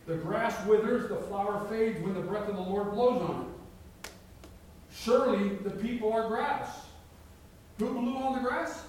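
A man's voice: sits high, a little mellow, slight background noise. A middle-aged man preaching a sermon as a pastor, reading scripture aloud with emphatic rises. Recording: very echoey hall, mic far off.

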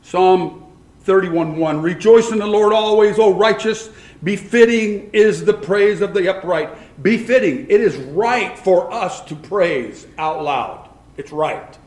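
A male pastor delivering a lively sermon, his voice sitting a little high for a man. He swings between quiet asides and loud, emphatic bursts. The sound carries the echo of a church room. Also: takes it slowly. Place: church sanctuary.

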